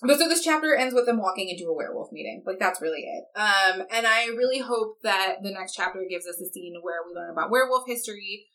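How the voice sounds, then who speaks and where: A woman's voice: medium pitch, fast talker, few pauses, bright, forceful tone. A young woman co-hosting a podcast in a mid-range voice. She talks in a chatty, playful way, slipping in dry asides as she goes. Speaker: podcast co-host. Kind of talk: casual podcast chat.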